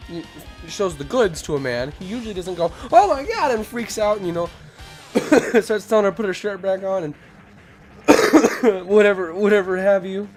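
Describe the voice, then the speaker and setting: A man's voice: high-pitched, moderate pace, soft background music. A young man hosting a casual video, rambling and laughing as he talks, often repeating himself. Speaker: YouTube host. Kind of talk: casual ranking commentary.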